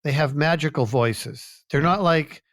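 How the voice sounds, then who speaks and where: A man's voice: a little high, unhurried, fairly bright tone, dry recording, clean studio sound. A man, chatting easily and telling anecdotes on a business podcast. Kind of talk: casual storytelling chat.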